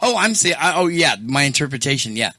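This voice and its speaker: A male show host chatting casually and telling stories, animated and quick to laugh. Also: fairly high pitch, dry recording. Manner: laughs often, animated, tells stories with voices. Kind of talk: casual chat and storytelling.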